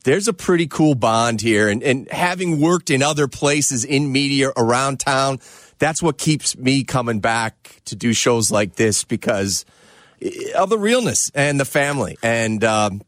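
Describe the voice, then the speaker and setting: A man's voice: medium pitch, expressive, a little slow, fairly bright tone, no echo, studio quality. A man hosting a sports radio show, talking in a reflective, conversational way.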